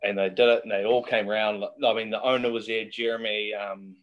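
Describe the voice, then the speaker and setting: A man's voice: on the low side, flat delivery, a little fast, dull audio. A middle-aged man, a guest telling chatty, laughing anecdotes in a casual interview.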